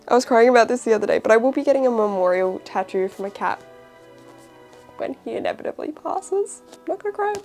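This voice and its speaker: A woman's voice: medium pitch, darkish tone. A young Australian woman in casual, rambling chat as a vlogger, wrapping presents while she talks.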